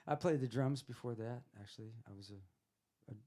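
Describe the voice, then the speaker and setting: A man's voice: mid-range voice, moderate pace, warm tone. A man who is a singer-songwriter, telling rambling anecdotes on stage between songs, chuckling as he goes. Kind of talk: casual storytelling on stage.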